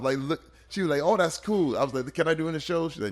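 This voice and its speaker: A man in his fifties, a podcast guest, telling stories in an emphatic, animated way in casual conversation. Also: fairly high pitch, rapid-fire, hardly any pauses. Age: 50s.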